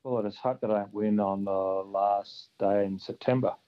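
A man calling in to a radio quiz, relaxed and plain-spoken. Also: on the low side, normal speed, lo-fi sound. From Australia. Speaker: caller. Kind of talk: talkback radio call.

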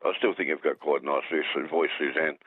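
A man's voice: extremely low pitch, steady tone, a little fast, no room sound. An Australian man calling in to a radio show, rambling and joking. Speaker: caller. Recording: tinny phone line.

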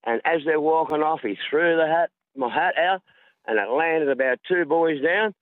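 An Australian man calls in to a radio show, pitched a touch high and talking in a chatty, rambling way. His voice comes through a tinny phone line. The sound is dry. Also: moderate pace, no room sound. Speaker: caller.

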